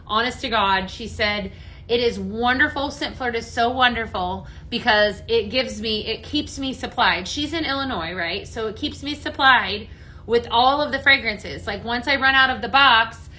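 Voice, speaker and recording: Bright-voiced chatty woman selling live. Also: on the high side, a little hiss or hum. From American Midwest. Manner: chatty, enthusiastic, greets viewers by name. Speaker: home fragrance consultant hosting a live sale. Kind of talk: casual live-stream product demo.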